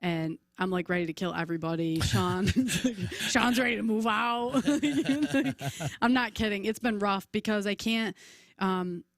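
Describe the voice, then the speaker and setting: Chatty woman telling animated stories. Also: medium pitch, unhurried, dry recording, studio quality. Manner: chatty, animated storyteller, acts out voices. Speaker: podcast guest. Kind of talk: casual chat.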